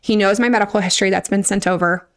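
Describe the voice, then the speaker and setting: A young woman guest on a podcast tells her story with animated energy and sometimes acts out what other people said. Her voice sits at an average pitch for a woman. She keeps it conversational and personal. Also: quick pace. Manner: animated retelling, acting out others' words with laughs.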